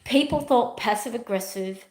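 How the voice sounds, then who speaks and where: A woman's voice: a little high, normal speed. A woman giving a spiritual motivational talk as a teacher at home, speaking emphatically and repeating her key phrases. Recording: roomy echo.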